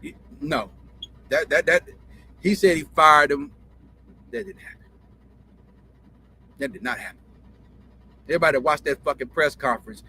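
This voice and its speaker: A man's voice: on the high side, normal speed, pauses often, sharp tone, slight background noise. Profane, heated male sports ranter. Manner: profane, repetitive, heated storytelling. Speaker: host. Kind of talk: ranting sports commentary.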